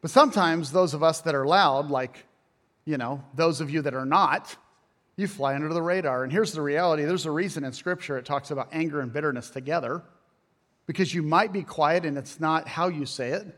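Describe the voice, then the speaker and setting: Loud, animated pastor in a reverberant hall. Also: male voice, on the high side, brisk. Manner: loud, animated storytelling with a self-mocking humor. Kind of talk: sermon.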